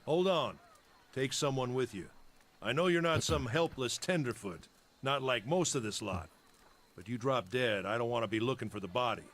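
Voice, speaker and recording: An actor playing a gruff, practical middle-aged caravan leader in a video game, who speaks in terse, matter-of-fact lines with a weathered, folksy drawl. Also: male voice, mid-range voice, lively intonation, moderate pace, fairly bright tone. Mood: brusque. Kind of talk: voiced video game dialogue.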